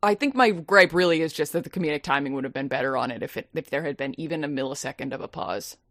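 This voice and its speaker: A woman's voice: low voice, quick pace, a bit bright, dry recording, clean studio sound. A woman co-hosting a movie podcast, rambling and laughing as she picks apart a film. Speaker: podcast co-host. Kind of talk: casual movie-review chat.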